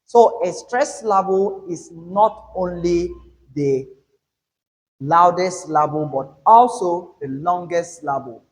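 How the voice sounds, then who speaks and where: Slow, emphatic male English teacher. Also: high voice, poor audio. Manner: emphatic, drills words aloud one by one. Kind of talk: slow, deliberate pronunciation lesson.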